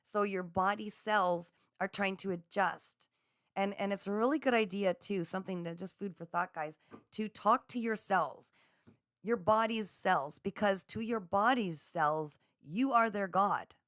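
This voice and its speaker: A woman hosting a live spiritual chat, speaking in a gentle, affirming and soothing way as she reads out viewer comments. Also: medium pitch, measured pace, no echo, clean studio sound. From Canada. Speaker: psychic livestream host.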